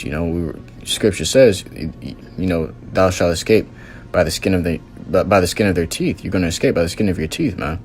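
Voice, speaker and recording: A man telling an earnest spoken testimony in a casual way, often repeating himself and filling with "you know" and "man". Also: sits low.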